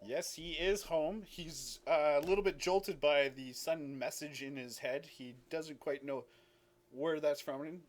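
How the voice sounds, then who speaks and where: A man running a tabletop game as game master, talking casually with many fillers and quick self-corrections. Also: a little high.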